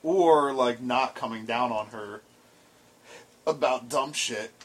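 A man's voice: medium pitch, slow pace, slight background noise. A man in casual chat, blunt and teasing, arguing his point with frequent swearing. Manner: blunt, teasing, argumentative, profane.

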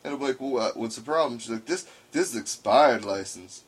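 A man in an easygoing podcast chat, spinning a travel story. He swears freely, acts out quotes in a livelier voice, and jumps around in pitch. His voice sits at an average height. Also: fairly quick, breathy edge. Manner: animated storytelling with profanity and acted-out quotes. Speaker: podcast co-host telling a story. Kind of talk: casual chat.

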